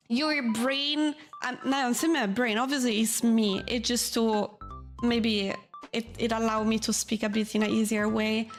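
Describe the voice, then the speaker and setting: A woman from Switzerland with a slightly high voice chats casually on a live stream. She rambles in an animated way and is frank, sometimes swearing.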